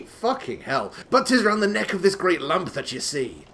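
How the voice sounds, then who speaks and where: A man's voice: sits high, big pitch swings, normal speed, few pauses, fairly bright tone. A man giving a comic, theatrical reading of rhyming verse in a put-on rustic old-timey accent that keeps slipping, with sweary asides. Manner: breaks off into sweary, laughing asides. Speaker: reader of a game walkthrough.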